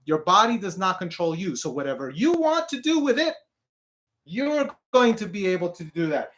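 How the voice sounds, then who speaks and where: A man's voice: sits high, very animated, normal speed, a bit bright, slight background noise. A man teaching an online singing lesson, explaining posture and technique step by step and checking in often with the learner. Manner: encouraging, repeats "okay?" to check in.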